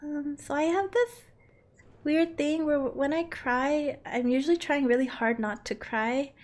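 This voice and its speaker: A fairly high-voiced woman live-streaming a game from her home setup. She reads chat aloud and answers in a giggly, playful way. She yelps and grunts as she plays. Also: measured pace. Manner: yelps and grunts while playing. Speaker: streamer playing a climbing game.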